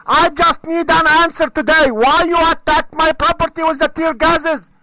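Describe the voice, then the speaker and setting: A man on a phone call, angrily shouting insults and threats. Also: very high voice, fairly even intonation, moderate pace. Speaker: caller. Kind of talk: angry prank phone call. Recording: noisy phone recording.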